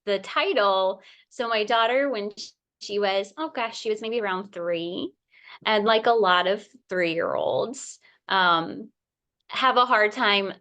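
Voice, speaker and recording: A middle-aged woman author in a casual interview, talking emotionally and effusively, with many pauses and fillers. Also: medium pitch, fairly bright tone. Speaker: picture book author, guest.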